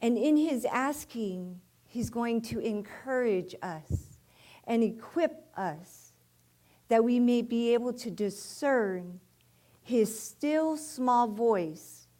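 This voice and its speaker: Slow, fervent woman preaching a sermon. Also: a little high, animated, warm tone. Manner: calls "amen?" to the congregation, rising to fervent emphasis. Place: church.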